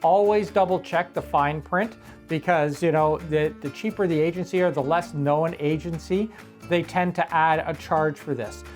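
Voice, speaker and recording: A man co-hosts a casual travel vlog, walking through practical driving advice. He talks in a relaxed, slightly rambling way, and soft music runs faintly behind him. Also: a little high, moderate pace. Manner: relaxed, explanatory, a bit rambling. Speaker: travel vlogger co-host. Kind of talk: casual travel tips chat.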